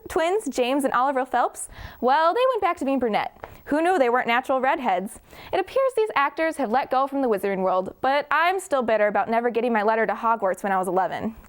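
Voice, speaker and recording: A woman presenting a scripted celebrity gossip segment in a chirpy, gossipy way. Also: high voice. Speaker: gossip correspondent. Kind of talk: scripted entertainment news report.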